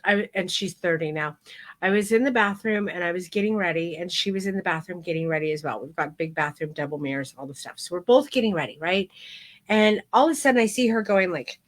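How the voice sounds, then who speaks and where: A middle-aged woman teaching a live photography class, telling stories in a frank, animated way with casual swearing. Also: on the low side, fast talker. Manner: frank and animated, with mild profanity.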